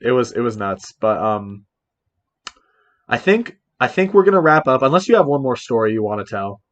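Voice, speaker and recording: A young man hosts a podcast in an easygoing, hesitant way, pausing and filling gaps as he talks. His voice sits at an ordinary middle pitch for a man. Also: big pitch swings, lo-fi sound. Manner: hesitant, many fillers, easygoing. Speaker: podcast host. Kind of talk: casual storytelling chat.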